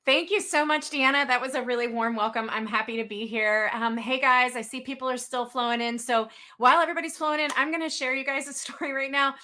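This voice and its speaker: A woman's voice: high voice, fairly even intonation, fast talker, few pauses, bright, forceful tone. A woman presenting a webinar, telling stories in a chatty way and acting out the exchanges she quotes. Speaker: webinar speaker.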